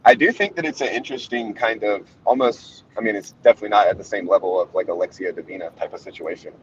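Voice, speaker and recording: A man's voice: fairly low pitch, quick pace. A man in a casual group discussion, easygoing and reflective, chuckling now and then. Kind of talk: casual group video chat. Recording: distant dull mic with faint hiss.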